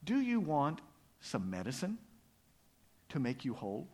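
A man's voice: mid-range voice, very animated, very slow, husky, voice pushed down, exaggerated voice. A man voicing a wise, mysterious old male frog in a storybook tale told during a sermon. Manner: mysterious, solemn.

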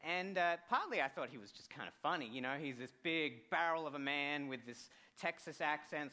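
A young Australian man preaching a church sermon as an intern, jokey and animated, with sudden quiet drops. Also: a little high, brisk, hardly any pauses.

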